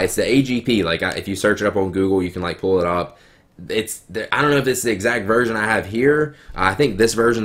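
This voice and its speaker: A young, deep-voiced man from the American South rambles excitedly through a live-streamed unboxing chat on his YouTube channel, full of fillers. He's a little sick and coughing, recording on a webcam in a room at home with his girlfriend nearby.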